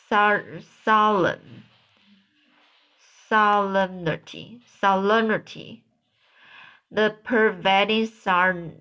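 Slow, halting woman reading a storybook. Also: medium pitch, a bit bright. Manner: slow, halting, repeats words. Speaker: audiobook narrator.

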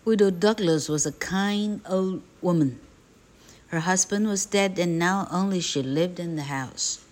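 Slow, low-voiced woman reading aloud. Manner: slow and clear, for learners. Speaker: English reading teacher. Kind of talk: slow read-aloud of a graded reader.

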